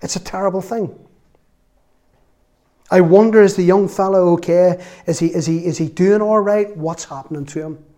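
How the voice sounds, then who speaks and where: A man's voice: high-pitched, steady tone, moderate pace, mellow, lightly acted. A man playing an elderly father in a parable, speaking with heartfelt, exclamatory emotion. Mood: worried. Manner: fretful, then exclaiming with emotion. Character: anxious, overjoyed old father awaiting his son.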